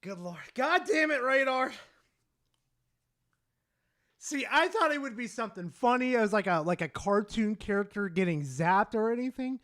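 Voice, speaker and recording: A young man streaming live, excitable and swearing, swinging from loud shouts to low mumbles. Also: a little fast, hardly any pauses, no echo, studio quality. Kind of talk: casual live-stream chat.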